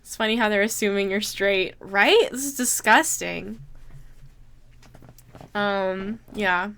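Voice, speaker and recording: On a livestream, a woman chats casually, reading viewer messages aloud and answering them with exclamations and laughter. Her voice is mid-range, slow, and a bit bright.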